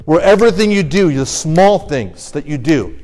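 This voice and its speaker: High-voiced young man preaching urgently. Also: animated, darkish tone, faint music behind. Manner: urgent, exhorting with rapid rhetorical questions. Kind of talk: sermon.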